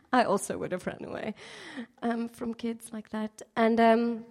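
A woman's voice: fairly high pitch, steady tone, a little slow, darkish tone. A woman giving an informal sermon in a chatty, playful way, with many fillers and laughs at her own jokes. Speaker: speaker at a church gathering.

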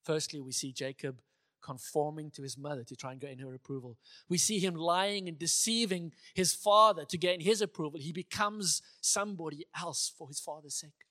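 A man's voice: a little high, normal speed, sharp tone. A man giving a conversational sermon who sometimes acts out the dialogue he retells. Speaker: preacher.

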